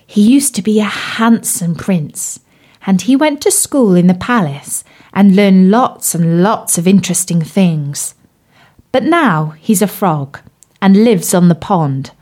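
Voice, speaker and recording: Gentle, lilting woman telling a children's story. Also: medium pitch. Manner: gentle, sing-song.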